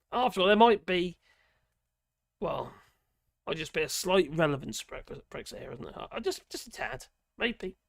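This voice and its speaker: Hoarse, croaky man ranting. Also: on the high side. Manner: opinionated, rambling, colloquial, halting with fillers. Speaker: live-stream political commentator. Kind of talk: casual rambling commentary.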